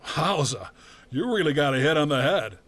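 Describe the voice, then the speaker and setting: Wisecracking AI sidekick. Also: male voice, fairly high pitch, animated, moderate pace, a bit bright. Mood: cheeky. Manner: cheeky, wisecracking. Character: sarcastic male pocket AI sidekick.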